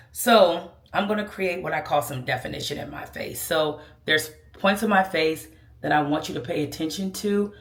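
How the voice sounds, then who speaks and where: A woman's voice: low voice, a bit bright. A woman giving a casual makeup tutorial, chatty and sassy, calling viewers girl and child. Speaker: beauty vlogger. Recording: echoey room.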